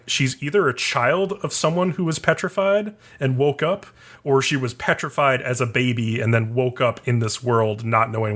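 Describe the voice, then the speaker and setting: A man's voice: medium pitch, fairly bright tone. Man, podcast co-host, casual recap, rambling, filler-heavy.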